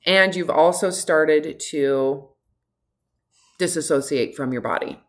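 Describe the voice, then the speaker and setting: A middle-aged woman coaching a client one-on-one in a frank, direct and animated way. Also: low voice, slow. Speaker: health coach. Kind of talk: one-on-one consultation.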